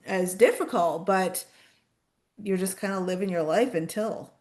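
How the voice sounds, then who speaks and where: A woman's voice: mid-range voice, unhurried, a little mellow. A woman podcast host talking candidly in a casual way, with frequent fillers and hesitations.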